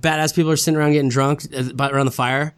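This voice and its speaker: A man co-hosting a casual chat, excitable and profane, acting out quotes with big jumps in pitch. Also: rapid-fire, smooth. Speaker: podcast co-host.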